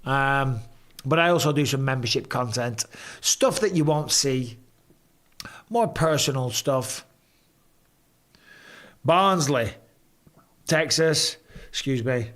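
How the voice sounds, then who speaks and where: A man hosting a casual live stream from home, chatting and reading viewer comments aloud with quick banter. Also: medium pitch, fairly bright tone.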